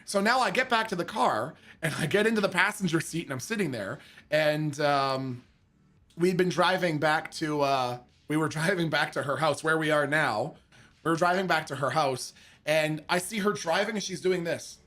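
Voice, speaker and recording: A man casually telling a funny story, animated and laughing often, swearing freely and acting out drunken quotes in a raised voice. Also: fairly high pitch, normal speed.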